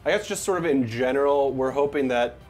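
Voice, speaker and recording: A man's voice: mid-range voice, a little fast, darkish tone, faint music behind. A man co-hosting a stream, talking earnestly and reassuringly to viewers on a lapel mic in a small room. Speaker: stream co-host. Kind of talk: casual stream chat. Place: small indoor stream room with cloth hanging from the ceiling.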